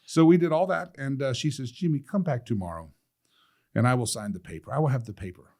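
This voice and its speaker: A middle-aged man in a sit-down talk, telling a personal story with animated quoting of other people. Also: a little fast. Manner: lively, quotes others with changes of pitch and loudness, laughs often. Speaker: guest telling his story.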